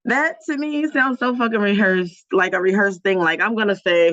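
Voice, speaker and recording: A woman's voice: medium pitch, normal speed, few pauses, fairly bright tone, dry recording. Brash woman guest who laughs and swears a lot, dry dull lo-fi sound. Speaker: guest co-host. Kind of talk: casual gossip chat.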